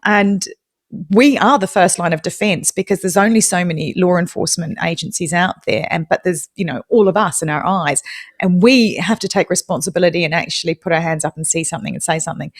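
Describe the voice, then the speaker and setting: A young woman with a New Zealand accent, a podcast guest telling her story in a lively, self-deprecating way with frequent laughter. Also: lowish voice, brisk. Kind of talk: live audio chat.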